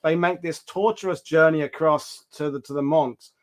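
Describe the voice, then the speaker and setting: A man hosting a history show, telling war anecdotes in an animated, rambling way with many restarts over a video call. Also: on the high side, normal speed. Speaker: host. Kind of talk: casual storytelling chat.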